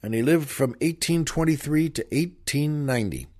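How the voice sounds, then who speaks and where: A man's voice: a little high, normal speed, a little mellow. A man hosting a show, chatting folksily with listeners and introducing a poem and a film. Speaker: radio show host. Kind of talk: folksy show talk and poetry reading.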